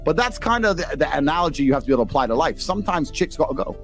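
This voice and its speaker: British man, brash profane storyteller, lively and quick, a touch high, faint music under. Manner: profane, boastful, animated storyteller.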